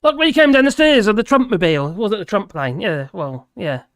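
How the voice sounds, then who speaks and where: An Englishman hosting a live stream from rural France answers viewer comments in rambling, laughing conversation. He talks briskly in an expressive, high-pitched voice.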